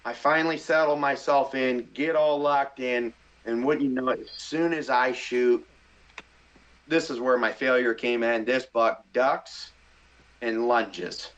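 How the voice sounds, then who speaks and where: A middle-aged man from the Midwest telling a story in a casual interview, animated and excitable, acting out his own thoughts. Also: medium pitch, unhurried. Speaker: hunting show host, podcast guest. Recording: slightly dull podcast audio.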